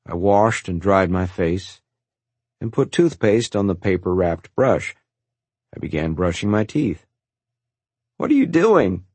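A man with a very low, husky voice reads a first-person story in a calm, reflective way. The recording is dry and close, with no room around it. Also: a little slow, dry recording. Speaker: narrator. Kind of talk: first-person audiobook narration.

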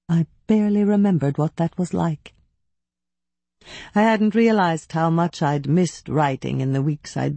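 A woman narrating a first-person audiobook in an expressive, measured storytelling style. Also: lowish voice, creaky, no room sound. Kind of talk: scripted narration.

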